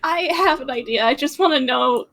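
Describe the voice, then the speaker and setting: A woman's voice: high-pitched, moderate pace, fairly bright tone, rough recording. A woman playing in a tabletop game, thinking aloud hesitantly as she describes her character. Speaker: player. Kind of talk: casual play in a tabletop game.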